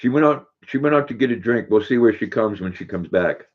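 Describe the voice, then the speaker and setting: A man's voice: lowish voice, expressive, a little fast, dull audio. Older man chatting on a livestream. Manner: reads viewer comments aloud, coos baby talk to his dog. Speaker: livestream host. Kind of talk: casual livestream chat.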